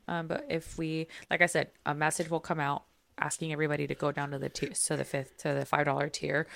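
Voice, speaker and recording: A woman's voice: lowish voice, vocal fry. A young woman co-hosting a podcast, talking casually and rambling a little. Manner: apologetic, rambling. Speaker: podcast co-host.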